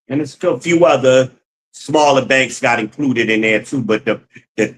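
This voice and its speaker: Casual livestream host, a man. Loose, profane and animated, mid-pitched voice. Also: a little hiss or hum, low-quality recording. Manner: profane, animated, laughs often, talks to chat as y'all. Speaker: livestream host reading chat.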